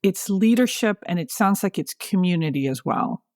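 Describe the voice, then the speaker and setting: A woman hosting a podcast asks her guest measured questions and sums up what he has said. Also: lowish voice, lively intonation, a little mellow, no room sound, studio quality. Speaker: podcast host. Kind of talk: interview questions.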